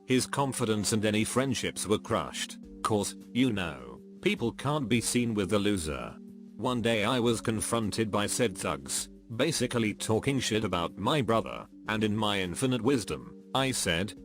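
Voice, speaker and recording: Male narrator, lower register, even read-aloud delivery over faint music. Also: a little slow. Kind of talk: reading online stories aloud.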